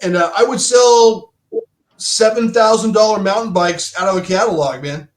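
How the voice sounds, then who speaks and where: Middle-aged guy rambling through bike shop stories, kinda high voice, echoey room, keeps restarting sentences. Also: moderate pace. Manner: rambling storyteller, many restarts and "dude". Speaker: podcast guest, former bike shop owner. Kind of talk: casual chat. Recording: roomy echo.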